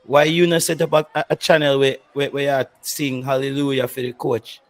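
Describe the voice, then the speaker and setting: Animated Jamaican man ranting on a stream. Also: mid-range voice, normal speed. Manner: animated, mixes patois with English, mocking and indignant. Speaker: football channel host. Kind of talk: live-stream chat answering viewer comments.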